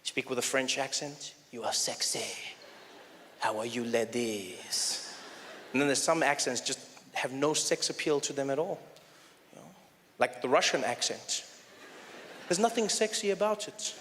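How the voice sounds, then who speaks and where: Guy doing standup on a theater stage, lively storyteller, handheld mic, faint room noise. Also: fairly high pitch, moderate pace. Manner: animated storytelling, frequent "you know". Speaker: stand-up comedian. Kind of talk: stand-up comedy. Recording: roomy hall with faint ambience.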